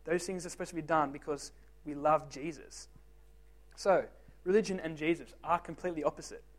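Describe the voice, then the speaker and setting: A man's voice: on the high side, steady tone, a little fast. A young man giving a casual youth group talk, joking and self-deprecating, asking the teens direct questions. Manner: talks straight to the teens with questions.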